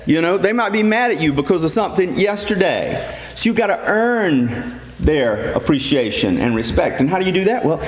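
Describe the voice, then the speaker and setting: A middle-aged man preaching a sermon as a priest, earnest and emphatic, repeating key phrases. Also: fairly high pitch. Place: church. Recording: echoey church hall with long reverb.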